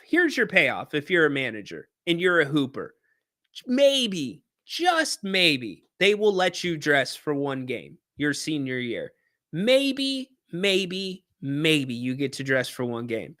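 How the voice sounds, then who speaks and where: A man hosting a podcast, telling a casual story in an animated way and acting out shouted quotes. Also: on the high side. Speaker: podcast host.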